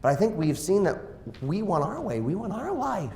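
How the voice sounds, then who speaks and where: A male pastor preaching a sermon, dropping to quiet asides and rising to loud exclamations. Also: sits high, big pitch swings, moderate pace, slight background noise. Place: church sanctuary. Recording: echoey church hall.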